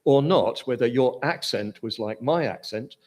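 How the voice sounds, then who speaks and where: An older British man with a posh English accent gives an informal Buddhist lecture in a medium-pitched, slightly mellow voice at normal speed. He sounds hesitant, with many fillers and restarts.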